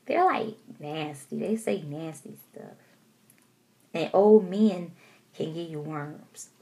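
Gravelly-voiced woman telling a story to camera. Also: low voice, slow pace. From Detroit, USA. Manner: animated and expressive, acting out quotes, laughs often. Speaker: vlogger. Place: her home.

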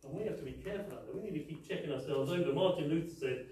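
A man's voice: on the high side, rapid-fire, mellow, a little hiss or hum. A man preaching a sermon, emphatic, with repeated rhetorical questions, in a large church hall. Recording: very echoey hall, mic far off.

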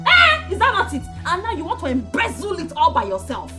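A woman's voice: extremely high pitch, wildly swooping pitch, fairly quick, pushed and bright, faint music behind, heavily acted. An actress playing an angry young woman with a Nigerian accent, scornfully hurling insults at a man. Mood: mocking.

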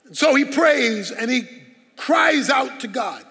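A man's voice: very high-pitched, animated, slow, sharp tone, husky. A man preaching a sermon as pastor, emphatic and full of rhetorical questions. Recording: long hall reverb.

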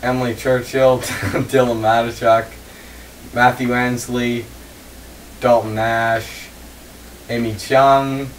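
A man's voice: medium pitch, slow pace, long pauses. Man calling a sim race from a distance. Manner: reads grid lines in a steady list, joking banter. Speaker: race commentator and host. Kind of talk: casual race commentary. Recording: distant mic with faint room noise.

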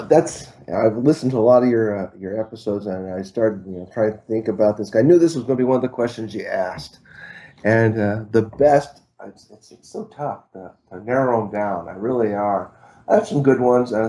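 A middle-aged man who teaches martial arts tells a long story in an interview, his voice mellow and on the low side. He rambles, fills gaps with fillers and restarts, and pokes fun at himself.

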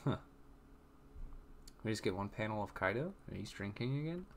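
Young man, low voice, casual reaction chat. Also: expressive, moderate pace, slight background noise. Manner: casual, loose phrasing with frequent "like". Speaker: reaction video host. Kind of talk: casual live reaction commentary.

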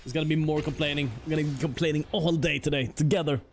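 A man's voice: on the high side, steady tone, quick pace, soft background music. A man streaming a card game, chatting casually and joking as he plays. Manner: playful, joking, laughs often, mock-French asides. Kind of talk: casual gameplay commentary.

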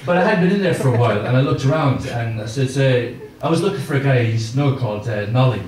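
A man's voice: mid-range voice, animated, fast talker, background noise. A middle-aged man doing stand-up, telling rambling self-mocking stories with filler words, at a live gig. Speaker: stand-up comedian. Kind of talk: stand-up storytelling. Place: live comedy gig venue. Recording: echoey room from far off.

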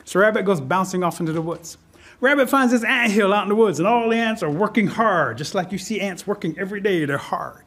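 Animated male storyteller. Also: high voice, a little fast. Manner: animated, expressive. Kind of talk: oral folk storytelling.

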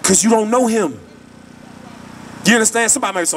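A man's voice: high voice, very animated, fairly quick, a bit bright. A man preaching on an outdoor street, emphatic and repetitive in a colloquial way. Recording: distant mic, traffic noise.

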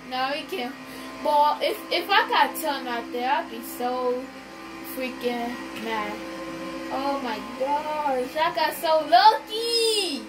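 A woman giving casual, excitable commentary as she plays a racing game, gasping and shrieking at near misses. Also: high-pitched, recorded from a distance. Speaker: gamer. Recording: game music playing underneath.

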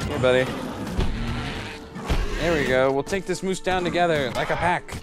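A man giving casual let's play commentary, excitable and joking, swearing and laughing at the game. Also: on the high side, a little slow, long pauses. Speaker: gamer. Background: game music.

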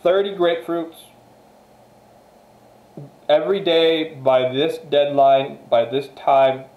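A man's voice: fairly high pitch, steady tone, slow pace, phone-quality sound. Emphatic man in an echoey room. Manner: emphatic, repetitive, swears freely, talks straight to viewers. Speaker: motivational vlogger. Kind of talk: casual motivational monologue.

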